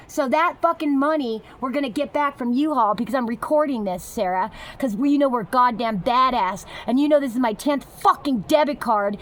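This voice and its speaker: A woman's voice: sits high, a little hiss or hum. A woman delivering an angry, agitated monologue full of swearing, her sentences tumbling over each other. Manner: agitated, heavily profane, fast tumbling sentences. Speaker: vlogger.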